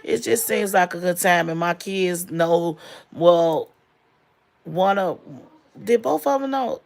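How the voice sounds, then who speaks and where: A woman's voice: fairly low pitch, slow, creaky. A woman in her forties telling a personal story in a casual, emotional way, with many fillers, close to tears. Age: 40s.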